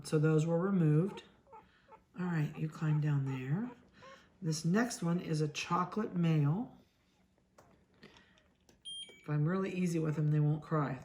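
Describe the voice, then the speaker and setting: Chatty middle-aged woman, low voice. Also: a little hiss or hum. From Ohio. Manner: chatty, talks softly to the puppies. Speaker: dog breeder. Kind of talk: casual narration while handling puppies.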